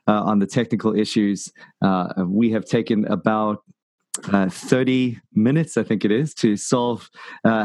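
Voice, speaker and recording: A man hosting a casual podcast, talking in a rambling, jokey way with plenty of uhs and false starts. His voice is on the low side, and the recording is dry and close with no room sound. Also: darkish tone, no echo. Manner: rambling, many fillers and restarts, jokey. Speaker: podcast host.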